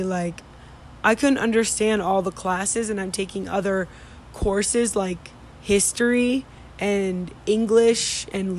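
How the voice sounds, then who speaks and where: Young woman, unhurried rambling storyteller with many fillers; faint noise. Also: mid-range voice. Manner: rambling, many fillers and restarts, mimics Spanish street calls. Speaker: vlogger recounting study abroad. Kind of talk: casual storytelling.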